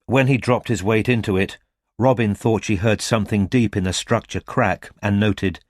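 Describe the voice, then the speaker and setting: Male audiobook narrator, low voice, steady reading, dry close sound. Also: moderate pace, no room sound. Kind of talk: scripted narration.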